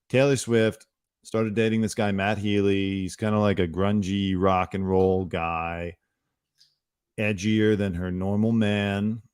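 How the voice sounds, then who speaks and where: A man's voice: fairly low pitch, clear, resonant tone, no echo, clean studio sound. Rambling sarcastic male news host. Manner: rambling, sarcastic, self-correcting. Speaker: comedy news show host. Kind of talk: comedic news commentary monologue.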